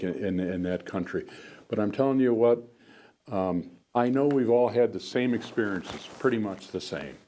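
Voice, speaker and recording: An older man with a lowish voice tells stories to a room, wandering through his sentences with fillers and restarts. A faint hiss sits under the recording. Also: a little mellow. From United States. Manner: rambling, frequent restarts and fillers. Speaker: guest speaker, veteran. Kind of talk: storytelling talk to an audience. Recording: faint background noise.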